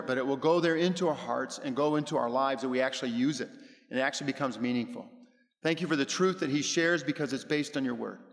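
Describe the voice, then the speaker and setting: A man's voice: fairly high pitch, a bit bright. A man, the pastor, leading an earnest, formal spoken prayer in church. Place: church hall. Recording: long hall reverb with congregation.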